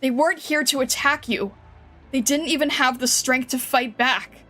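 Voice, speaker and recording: A woman's voice: high-pitched, normal speed, bright, forceful tone. A woman voicing a stern young woman investigator who speaks coldly and accuses, over faint background music. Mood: accusing. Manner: cold and accusing, rising to anger.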